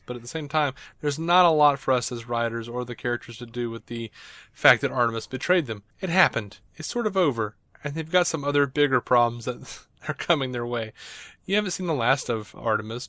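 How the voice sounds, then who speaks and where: A man's voice: medium pitch, bright, forceful tone, no echo. A man co-hosting a podcast, reading entertainment news and quotes aloud, with asides and easy laughs. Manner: reads quotes then jokes and laughs easily.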